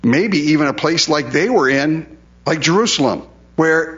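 A man teaching a Bible passage in a relaxed, conversational way, asking rhetorical questions and paraphrasing God in everyday speech. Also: fairly high pitch, moderate pace. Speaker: pastor. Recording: dull lo-fi sound.

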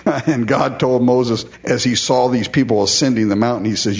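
A man's voice: medium pitch, normal speed, creaky, darkish tone, muffled recording. A man preaching a sermon, addressing the congregation directly and building to emphatic rises on key words. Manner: addresses listeners directly as "folks". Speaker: pastor.

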